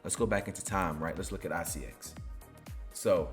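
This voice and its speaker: Deep-voiced man chatting over crypto charts. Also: normal speed, soft background music. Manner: keeps tagging lines with "right?", loose and chatty. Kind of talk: casual screen-share market commentary.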